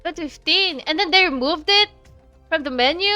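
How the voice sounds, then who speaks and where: A woman's voice: very high-pitched, expressive, moderate pace, pushed and bright, no echo, soft background music. A woman from the Philippines with a Filipino accent, chatting casually while streaming a game, laughing often and swearing freely. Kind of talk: casual chat while playing.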